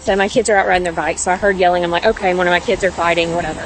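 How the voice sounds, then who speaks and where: A woman telling police what she saw, in a hurried, excited way. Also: fairly low pitch, slight background noise, rough recording. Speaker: witness.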